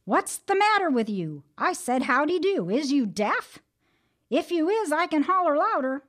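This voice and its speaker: A woman voicing an indignant, hot-tempered male rabbit who hollers in a high folksy drawl. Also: sing-song, moderate pace, fairly bright tone. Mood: indignant, hollering.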